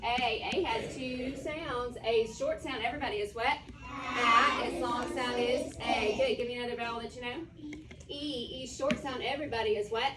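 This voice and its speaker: A woman teaching a first grade phonics lesson, asking her class questions and slowly sounding out letters. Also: fairly high pitch, heavy background noise. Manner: call-and-response questioning, drawn-out sounding out. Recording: echoey classroom from far off.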